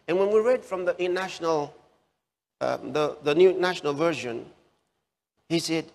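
A man preaching with a fairly high voice, leaning on slow, emphatic repeats of key phrases. His words ring out with a long reverb, as in a large hall. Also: creaky. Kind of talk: sermon.

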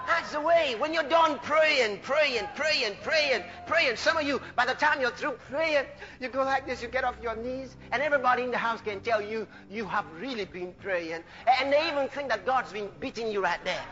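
High, bright fervent male preacher. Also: lively intonation, moderate pace. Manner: fervent, laughing, bursts into shouts. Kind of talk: sermon. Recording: dull lo-fi recording with faint music.

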